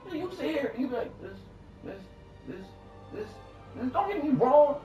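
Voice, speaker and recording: Excitable, high-voiced man streaming, echoey and off-mic. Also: normal speed, far from the mic. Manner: animated, excitable storytelling, swears freely; laughs often. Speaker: gaming streamer. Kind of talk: casual rambling chat while gaming. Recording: echoey room, off-mic, with music playing.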